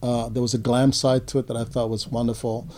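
Older man telling stories, mellow voice. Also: medium pitch, flat delivery. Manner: unhurried, reflective storytelling with frequent uh fillers. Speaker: interview guest, photographer. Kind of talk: relaxed storytelling interview.

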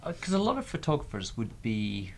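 A man interviewing a guest, asking measured, searching questions with a few restarts. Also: mid-range voice, huge pitch swings, gravelly, a little hiss or hum.

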